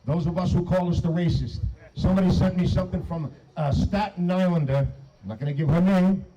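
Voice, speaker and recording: Shouting high-voiced New man. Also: a little fast, lo-fi sound. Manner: shouting, emphatic, profane. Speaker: protest speaker. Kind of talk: rally speech. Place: outdoor protest crowd.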